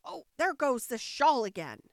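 A woman voicing the old, scatterbrained White Queen, who talks in a fussy way and breaks into shrill, squeaky screams. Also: sing-song, measured pace, vocal fry, no room sound, studio quality, full character voice. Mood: fussing.

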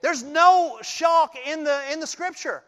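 A male pastor giving a sermon, telling the story in an animated way and often laughing. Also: very high-pitched, measured pace, in a large hall.

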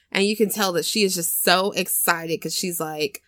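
A woman with a fairly low voice talks casually, retelling scenes with lively storytelling energy. The sound is dry and close, with no room around her. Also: normal speed, few pauses, no room sound. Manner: chatty, animated storyteller who acts out quotes. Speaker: podcast co-host. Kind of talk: casual chat recapping a film.

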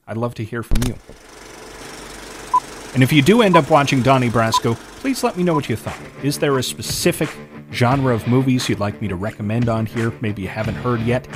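Man, movie-show host, chatty and enthusiastic, mid pitch. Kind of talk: casual movie recommendation talk.

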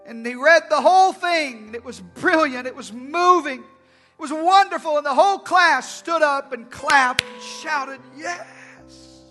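High bright-voiced preacher in a hall. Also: male voice, measured pace. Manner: dramatic preaching, swings from loud to hushed. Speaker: pastor. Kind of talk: sermon. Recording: long hall reverb with faint music.

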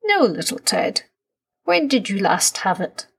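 A woman voicing a patient, gently firm father in a storybook reading, calm and reassuring. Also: medium pitch, unhurried, creaky, breathy edge, heavily acted.

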